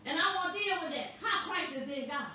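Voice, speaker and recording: A woman pastor delivering a sermon, with slow, emphatic preaching that stresses words boldly. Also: extremely high pitch, expressive, bright, forceful tone, slight background noise. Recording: echoey room, voice from a distance.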